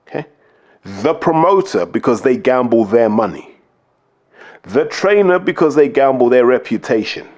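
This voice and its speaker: A man hosts a podcast, talking bluntly and emphatically at an average pitch. He lays out his points one by one and hammers them home in casual, opinionated commentary. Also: lively intonation, moderate pace, darkish tone. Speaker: podcast host, boxing pundit.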